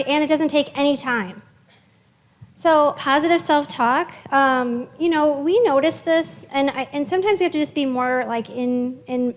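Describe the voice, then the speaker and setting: High-voiced upbeat woman presenter. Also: big-room sound. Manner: chatty, upbeat, many fillers and restarts. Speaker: social worker presenting to parents. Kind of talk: casual presentation to parents.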